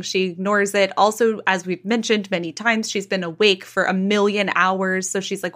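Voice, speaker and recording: Her mid-range voice runs at a moderate pace with few pauses as she hosts a podcast. Telling the gossip story casually, she plays out the people in it with animation and frequent laughter.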